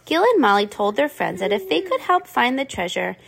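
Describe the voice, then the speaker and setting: Animated mom reading a picture book. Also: female voice, on the high side, a little fast, creaky, slight background noise. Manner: animated, chatting with her child between pages. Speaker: parent reading to child.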